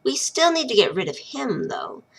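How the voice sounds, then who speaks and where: A woman's voice: sits high, sing-song, normal speed, creaky, a bit bright, breathy edge, voice pushed up, exaggerated voice. A woman playing a stubborn, defiant young girl. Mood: tender. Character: stubborn young girl, fiercely protective of her brother.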